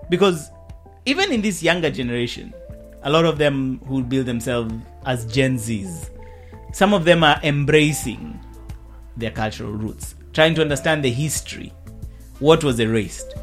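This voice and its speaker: A man from Africa hosting a conversational discussion, speaking in a measured, reflective way. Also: medium pitch, lively intonation, faint music behind. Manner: measured, reflective, uses quoted voices.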